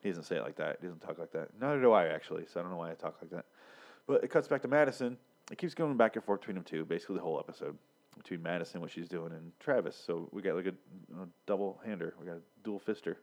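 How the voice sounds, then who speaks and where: Young guy ranting about an episode, lowish voice, swears a lot, rambles with ums. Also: expressive, quick pace, a little mellow. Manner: rambling, profane, sarcastic, lots of fillers. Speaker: podcast host reviewing a TV episode. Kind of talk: casual recap chat.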